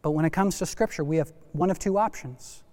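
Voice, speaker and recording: A man preaching a sermon as pastor, lively and speaking directly to the kids listening. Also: a little high, fairly quick, in a large hall. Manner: lively, talks to kids in the congregation.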